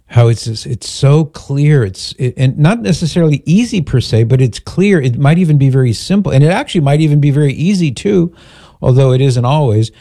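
A man's voice: mid-range voice, animated, brisk, dark tone, no echo, studio quality. An older man, a grandfather, hosting a call-in radio show, speaking earnestly and reflectively with frequent restarts.

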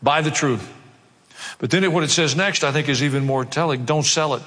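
A man's voice: a little high, brisk, a bit bright. Male pastor, emphatic conversational sermon, repeats key phrases, long hall reverb. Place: large church hall.

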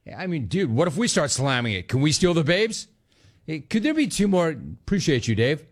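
Animated middle-aged radio host. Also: male voice, on the high side, moderate pace. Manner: animated, jokey storytelling. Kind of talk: casual call-in radio talk.

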